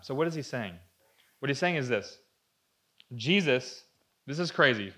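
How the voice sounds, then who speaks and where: A man's voice: a little high, lively intonation, moderate pace, pauses often, bright, forceful tone. A man preaching a sermon to a room, earnest and conversational, asking rhetorical questions as he explains. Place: room with an audience.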